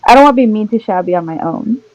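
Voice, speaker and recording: A woman's voice: mid-range voice, animated, fast, crowd noise, poor audio. A woman chatting casually in a group talk, plain-spoken and laid-back, who slips into Spanish at times. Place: home.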